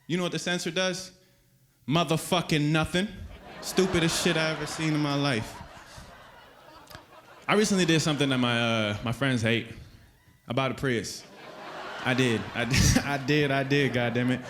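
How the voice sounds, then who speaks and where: Profane stand-up comedian, animated and loud. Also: male voice, a little high, normal speed, long pauses, noisy background. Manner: profane, animated, acts out voices.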